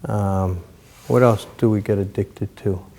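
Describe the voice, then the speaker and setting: A man's voice: on the low side, fairly even intonation, unhurried, dark tone. Middle-aged male Zen teacher, easygoing storyteller, filler-heavy. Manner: casual storytelling, many fillers. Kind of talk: dharma talk.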